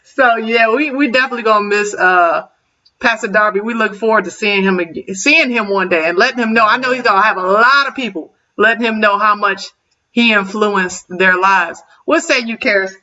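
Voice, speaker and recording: A woman hosting a casual panel chat, animated and laughing often. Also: mid-range voice, normal speed, far from the mic, highs cut off. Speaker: host.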